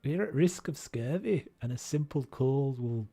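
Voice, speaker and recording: A man's voice: medium pitch, animated, creaky, mellow, husky, no room sound, exaggerated voice. Guy doing a hammy scottish survivor dude, worried, reads in fits and starts. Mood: grave. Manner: hammed, halting reading.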